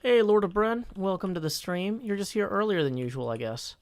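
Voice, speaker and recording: Male streamer, high-pitched, chatty, self-mocking, reads chat aloud. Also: expressive, brisk, no room sound. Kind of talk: live game-stream chat.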